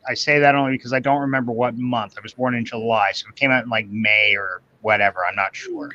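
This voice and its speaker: A man's voice: mid-range voice, a bit bright. A Canadian man in his fifties, telling a long personal story in casual chat as a guest. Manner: rambling anecdotal storyteller, quotes others in voices. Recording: dull lo-fi sound.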